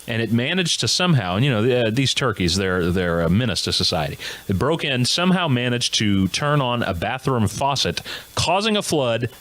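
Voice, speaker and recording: A man's voice: medium pitch, a bit bright. A man hosting a comedic news monologue who laughs at his own gags. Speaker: comedy show host.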